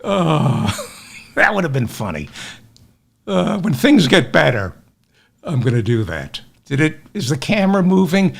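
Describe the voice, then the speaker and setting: A man's voice: fairly high pitch, sing-song, measured pace, creaky, pauses often. A man hosting a comic news podcast, sardonic and exasperated, mixing rants with asides into his webcam. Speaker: podcast host. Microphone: webcam with automatic tracking.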